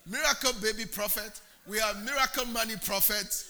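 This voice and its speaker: A male pastor preaching an animated sermon in church, asking the congregation rhetorical questions and swinging from loud to hushed. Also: high-pitched, moderate pace.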